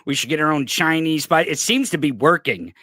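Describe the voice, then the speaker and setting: A man with a bright, slightly raised voice makes deadpan wisecracks in casual podcast chat. The sound is dry and close. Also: on the high side, brisk, slightly rough, no room sound. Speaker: podcast co-guest. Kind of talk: joking political chat.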